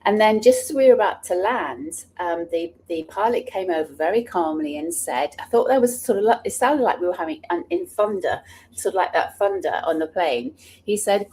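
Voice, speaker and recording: A woman's voice: fairly low pitch, expressive, moderate pace, a little mellow, husky. Earnest woman sharing personal stories. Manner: earnest, passionate, with frequent restarts. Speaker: author and speaker. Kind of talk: personal storytelling talk.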